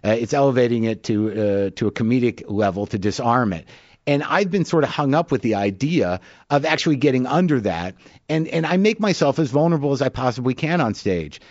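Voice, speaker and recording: A man's voice: medium pitch, lively intonation, a little fast, darkish tone, dry recording, highs cut off. Middle-aged man, comic guest, raw and self-deprecating, swears freely, dry close-miked sound. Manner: confessional, self-deprecating, profane. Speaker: comedian guest. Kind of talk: candid storytelling interview.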